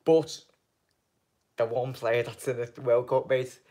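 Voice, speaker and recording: A man's voice: medium pitch, steady tone, warm tone. A man hosting a fan channel live stream, chatting casually and rambling through viewers' comments with lots of ums and "mate". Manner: rambling and halting, many ums, keeps calling viewers mate.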